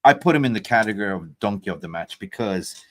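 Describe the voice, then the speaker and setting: Excitable man hosting a football fan show. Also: on the low side, quick pace. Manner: excitable, jokey, pleading to finish his point. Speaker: fan channel host. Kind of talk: casual football chat.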